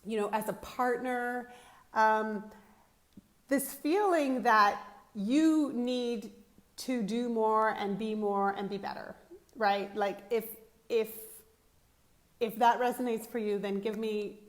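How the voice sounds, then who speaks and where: A woman's voice: a little high, takes it slowly, pauses often. A middle-aged woman coaching mothers in a live video, talking candidly to viewers and swearing casually. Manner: emphatic, repeats phrases in lists.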